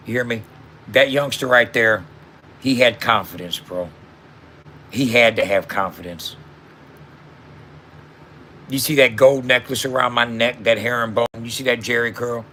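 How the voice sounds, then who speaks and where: A rapper and founder in his fifties speaks straight to camera in a heartfelt, emphatic monologue packed with street slang and repeated asides, emotional and repetitive. His medium-pitched voice is sharp, with a little hiss or hum.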